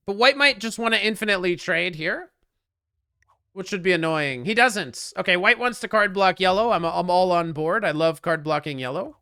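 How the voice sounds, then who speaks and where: A man with a bright, crisp voice talks through a strategy game as he streams it. His commentary is loose and joking, and he answers his chat as he plays. The sound is dry and close on the mic. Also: sits high, dry recording. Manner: chatty, joking, answers chat, gets loud when frustrated.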